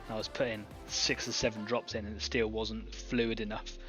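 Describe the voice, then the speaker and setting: A man's voice: fairly low pitch, flat delivery, moderate pace, over music. Chatty man demoing airbrush painting. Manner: chatty, thinking aloud with fillers. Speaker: online painting club host. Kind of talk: casual live-stream painting demo.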